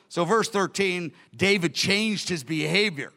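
A male pastor preaches a sermon in a high, lively voice. He tells the story animatedly and acts out its scenes. His tone is bright and forceful. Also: normal speed.

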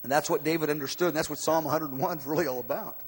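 A male preacher delivering a sermon with a high voice. He is emphatic and swings between loud bursts and quiet asides. His voice rings with long reverb as if it fills a big church hall. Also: steady tone, very fast, breathy edge.

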